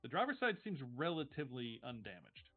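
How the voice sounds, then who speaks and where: A man's voice: mid-range voice, sing-song, brisk. A man narrating as game master of a tabletop game, hesitant with frequent restarts. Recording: tinny call audio with faint music.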